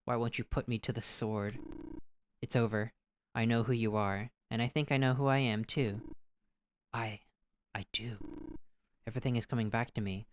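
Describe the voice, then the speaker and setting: A man's voice: medium pitch, steady tone, moderate pace, long pauses, a little hiss or hum, natural voice. A man reading aloud as an arrogant evil knight who was once a childhood doll, in a melodramatic villain delivery. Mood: subdued. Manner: melodramatic villain reading, swings to panicked shouting. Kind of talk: reading game dialogue aloud.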